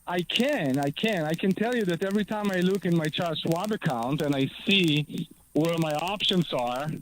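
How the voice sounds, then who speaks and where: A man's voice: a little high, moderate pace, background noise. A man with an Israeli accent calling in from the street to a radio show he co-hosts, stammering and repeating words in casual banter. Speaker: regular co-host calling in. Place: outdoors on a street.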